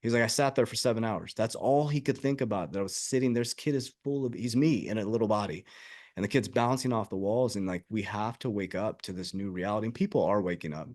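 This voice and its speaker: Low-voiced earnest man telling stories. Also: fairly quick, darkish tone. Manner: earnest, emphatic storytelling. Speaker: life coach. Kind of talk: podcast conversation.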